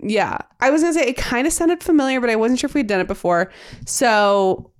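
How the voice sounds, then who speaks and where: A woman's voice: on the high side, a little fast, clean tone. A young woman co-hosting a casual podcast chat, giggling often and trailing off into fillers. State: pregnant. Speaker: podcast co-host.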